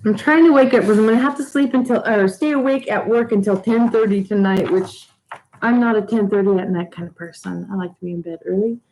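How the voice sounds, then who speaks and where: A woman doing a casual weekly angel card reading for her viewers, emotional and rambling, with many halting restarts. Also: medium pitch, fairly even intonation, darkish tone, slight background noise, poor audio. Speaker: tarot reader.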